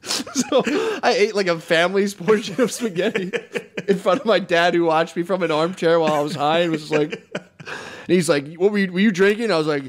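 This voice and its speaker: Fast-talking man telling crude stories. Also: sits high. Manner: rapid rambling anecdotes, heavy swearing, breaks into laughter. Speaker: podcast co-host. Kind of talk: casual storytelling chat.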